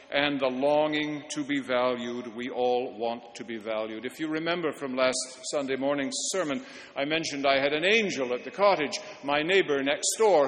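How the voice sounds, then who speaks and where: A pastor giving a storytelling sermon, earnest and now and then stumbling on repeated words. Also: male voice, a little high, fairly bright tone, long reverb tail, a little hiss or hum. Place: church.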